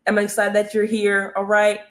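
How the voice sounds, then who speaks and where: Energetic woman hosting a motivational live stream. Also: medium pitch, normal speed. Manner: energetic, repetitive, keeps asking viewers to comment. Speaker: online business coach hosting a live stream.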